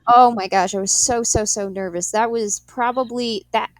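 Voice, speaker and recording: A young adult woman, a guest, telling stories in an animated way, laughing a lot and acting out what people said. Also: fairly high pitch, normal speed, dry recording. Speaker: guest, in-home pet euthanasia worker. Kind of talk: storytelling in an interview.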